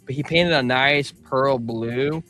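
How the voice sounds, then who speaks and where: Co-host, male, young adult, animated rambling storyteller; bright voice, faint music underneath. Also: medium pitch, takes it slowly. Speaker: podcast co-host. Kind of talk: casual livestream chat.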